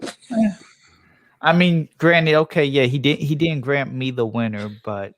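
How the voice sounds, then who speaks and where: A man hosting a casual livestream chat with friends, answering in relaxed, drawn-out phrases. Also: fairly high pitch. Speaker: livestream host.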